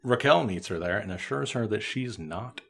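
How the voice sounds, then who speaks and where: Male podcast co-host, low register, expressive pitch, dry humour, casual recap chat. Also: normal speed, creaky.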